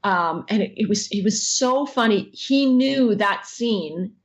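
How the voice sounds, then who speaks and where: A middle-aged woman from Canada, a voice actress guest telling stories in an interview, lively and laughing often. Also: slow pace. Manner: lively, laughs often, acts out quotes in high silly voices. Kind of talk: animated interview storytelling.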